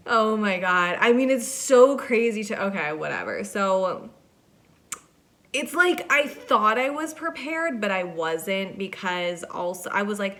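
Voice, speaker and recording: A woman's voice: mid-range voice, slow, fairly bright tone. A young woman hosting a solo podcast, telling rambling everyday stories in a chatty way and acting out what people said. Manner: chatty and rambling, acts out quoted voices. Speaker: podcast host. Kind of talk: casual solo podcast monologue.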